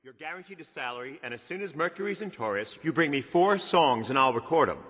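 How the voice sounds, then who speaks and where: A brash record producer lays down the terms, blunt and commanding. His voice sits slightly higher than usual for a man. It comes from a film soundtrack with a long, lingering reverb. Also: lively intonation, fast, fairly bright tone. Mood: bossy.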